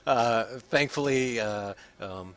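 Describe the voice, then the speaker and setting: A man at an ordinary middle pitch runs a tabletop game as its game master. He narrates haltingly, stopping often to fill with ums and restart his sentences. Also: a crowd in the background.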